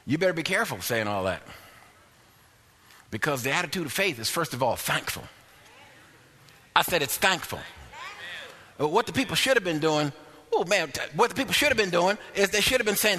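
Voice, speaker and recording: Animated high-voiced preacher in an echoey hall. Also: male voice, quick pace. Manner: animated preaching, acts out grumbling voices, calls for amens. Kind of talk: sermon.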